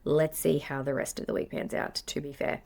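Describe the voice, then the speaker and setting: Her voice is low, creaky and darkish, delivered flatly at normal speed. She's an Australian woman in her forties, a play therapist hosting her own podcast, chatting casually and effusively in a rambling solo style on a podcast microphone.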